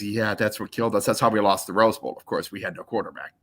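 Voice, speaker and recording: A man in his fifties, a podcast interview guest, telling a long personal story, acting out quotes and swearing freely. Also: a little fast. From Michigan. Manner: animated, acts out quotes with big pitch jumps.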